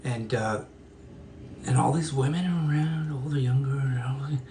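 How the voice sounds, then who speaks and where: A man's voice: mid-range voice, normal speed, warm tone. A man, a flute player and actor, casually telling a story to the camera in a rambling way, with many fillers and restarts. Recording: distant mic with noisy ambience.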